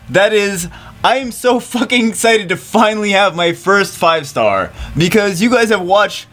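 A man giving excited commentary over a mobile game, giddy, loud and swearing, laughing as he plays. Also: high-pitched, unhurried. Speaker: mobile game video creator.

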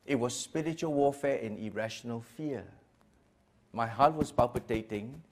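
A middle-aged man from Singapore, a pastor giving a personal testimony. He tells it as a story, dropping to a hush and then rising loud and lively, often repeating words. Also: medium pitch, moderate pace.

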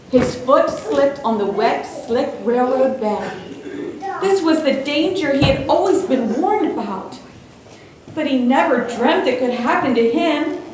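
A woman reading a suspenseful children's story aloud in a church, with expressive storytelling. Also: high-pitched, a little hiss or hum. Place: church sanctuary. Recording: very echoey hall, distant mic.

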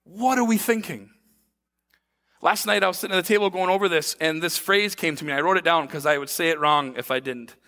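High bright-voiced man preaching in a hall. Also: fairly quick. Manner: animated storyteller, acts out voices, laughs at own story. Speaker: pastor. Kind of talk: sermon with storytelling. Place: church sanctuary. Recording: echoey church hall.

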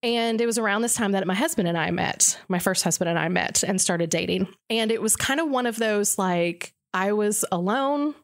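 A woman in her forties recounts her own story as an interview guest, earnest and reflective, with an ordinary, middle-range pitch. She talks things through with frequent fillers and restarts. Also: moderate pace, hardly any pauses. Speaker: radio morning show co-host as interview guest. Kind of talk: candid personal interview.

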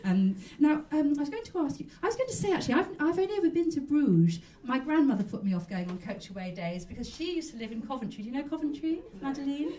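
A woman doing a stand-up character act as a mock chat show host. She sounds prim and genteel and rambles along. Her fairly high voice swoops up and down a lot, picked up by a mic set well back from her. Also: big pitch swings, fast, hardly any pauses, warm tone, recorded from a distance.

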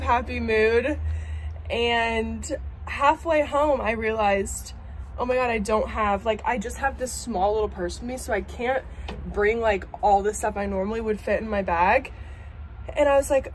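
A woman's voice: on the high side, moderate pace, poor audio. A woman chatting casually to her phone camera while outdoors, peppering her talk with "like.". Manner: chatty, lots of "like" fillers. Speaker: vlogger. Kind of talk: casual vlog chat to camera. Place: outdoors, walking streets and yard. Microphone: phone camera held by hand. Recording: phone vlog with loud outdoor traffic noise.

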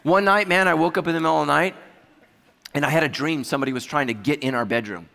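Joking pastor preaching in a reverberant hall. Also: male voice, on the high side, fast, gravelly. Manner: humorous, animated storytelling with asides. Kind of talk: sermon.

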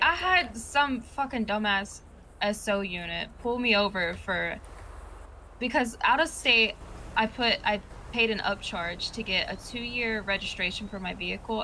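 A woman's voice: medium pitch, normal speed, bright, forceful tone, slight background noise, poor audio. A woman in a live-streamed game roleplay, a chatty customer who rants and swears.

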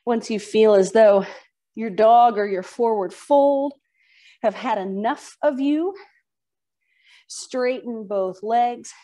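A woman guides a yoga class in a slow, unhurried way, her voice sitting a little on the high side. She gives chatty, encouraging cues between breaths. As she moves through poses, her voice now and then drifts away from the mic. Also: warm tone. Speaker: yoga instructor. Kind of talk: guiding a live yoga class.

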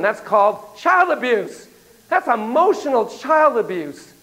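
A man's voice: very high-pitched, sing-song, a little slow, fairly bright tone. A man teaching a class on child psychotherapy, emphatic and playful, with frequent asides. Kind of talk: classroom lecture.

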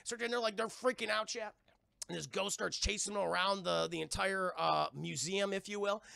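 A man's voice: sits high, moderate pace, creaky, sharp tone, no room sound. A young man streaming a cartoon review, recapping the episode in rambling, profane casual chat to his viewers. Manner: rambling and profane, addresses chat, lots of fillers.

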